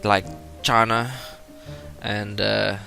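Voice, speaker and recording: A man's voice: fairly low pitch, flat delivery, very slow, gravelly, pushed and bright, soft background music. A man with a Namibian English accent chatting and rambling as he comments on a game he plays. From half British, Namibian English speaker. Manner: chatty, rambling, self-interrupting. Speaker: let's play host. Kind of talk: casual gameplay commentary.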